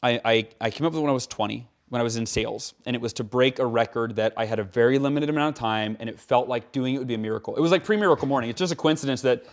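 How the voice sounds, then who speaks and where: A guest author in his forties talks in a casual interview, earnest and animated, acting out quotes as he tells his stories. His voice is mid-range.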